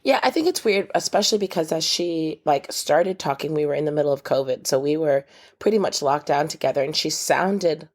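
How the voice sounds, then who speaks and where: A woman's voice: deep voice, expressive, fairly quick. An American woman in her thirties, a podcast guest telling stories in casual chat and laughing as she talks. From United States. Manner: chatty storyteller, laughs while talking.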